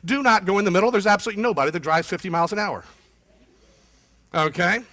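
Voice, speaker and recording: A man giving an energetic, fast-paced motivational keynote talk to a room of people, often quizzing the audience. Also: high voice. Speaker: keynote speaker.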